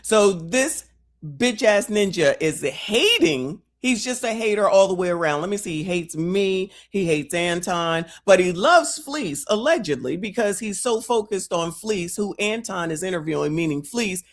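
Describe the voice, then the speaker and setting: A woman's voice: mid-range voice, lively intonation, measured pace. A woman hosting a casual call-in show, roasting the people in videos in a sassy way and saying "child" often. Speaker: host.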